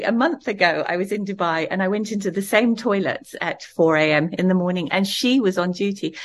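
A middle-aged woman preaching a sermon, telling a personal story in a warm, conversational way and laughing now and then. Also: mid-range voice, brisk, few pauses.

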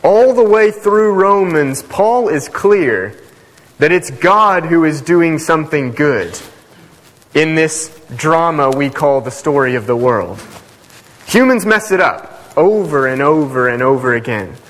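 A male preacher giving a sermon, emphatic, speeding through asides and slowing hard on key phrases. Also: on the high side, lively intonation, a bit bright. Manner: emphatic, swings between fast asides and slow stressed phrases. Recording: echoey hall.

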